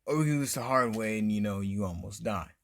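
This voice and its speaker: A man voicing a cocky, menacing teenage boy ninja leader who makes calm, smug threats. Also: fairly low pitch, fast talker, gravelly. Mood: smug threatening.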